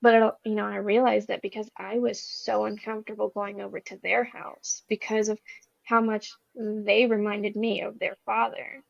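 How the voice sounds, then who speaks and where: A woman's voice: medium pitch, flat delivery, moderate pace, gravelly, no room sound. A young woman talking as a guest, sharing a personal story in an earnest, rambling way. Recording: slightly dull recording.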